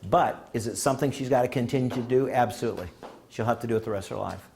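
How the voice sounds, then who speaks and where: Male conference speaker, folksy storyteller who acts out the quotes, medium pitch. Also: rapid-fire, creaky, a little hiss or hum. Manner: folksy, animated anecdotes with acted-out quotes. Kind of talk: storytelling talk. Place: conference room.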